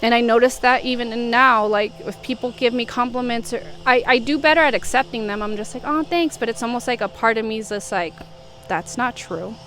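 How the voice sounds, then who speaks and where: A woman's voice: fairly high pitch, fairly even intonation, fast talker, few pauses. A young woman from the United States, talking through her feelings in a rambling, reflective confessional vlog from her home in Vietnam. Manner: reflective, rambling, soft-spoken. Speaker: vlogger. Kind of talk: emotional confessional monologue.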